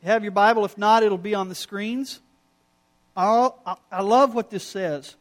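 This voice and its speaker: A middle-aged man preaching a sermon as pastor, telling stories and acting out quoted lines in an animated way. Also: high-pitched, normal speed.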